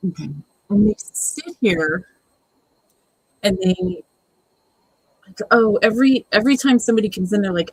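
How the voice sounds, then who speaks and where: Watch-party host, husky mid-range voice, dry exasperated sarcasm. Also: mid-range voice, expressive, moderate pace, pauses often, no room sound, poor audio. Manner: exasperated, sarcastic, mimics the cast. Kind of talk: casual live watch-along commentary.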